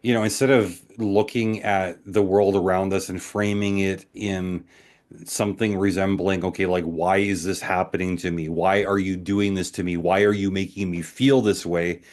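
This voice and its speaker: A man co-hosting a podcast, speaking in a reflective, measured way. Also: deep voice, flat delivery, darkish tone. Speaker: podcast co-host. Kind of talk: casual podcast conversation.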